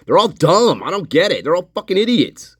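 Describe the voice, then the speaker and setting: A man's voice: sits high, very animated, fairly quick, husky, no room sound, clean studio sound. Mocking, profane ranting man. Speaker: commentator reacting to interview footage. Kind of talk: angry ranting commentary.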